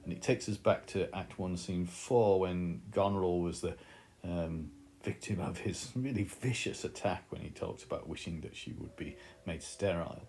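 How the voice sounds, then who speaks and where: A man's voice: low-pitched, moderate pace, creaky, darkish tone, a little hiss or hum. A man teaching a literature lesson, explaining in a thoughtful way with frequent fillers.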